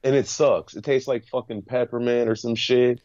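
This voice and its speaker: A man's voice: medium pitch, fairly even intonation, normal speed, darkish tone, dry recording. A man from Ohio, a rap artist guest on a podcast, chatting in a laid-back way with lots of swearing and laughter. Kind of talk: casual interview chat. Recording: slightly dull, muffled sound.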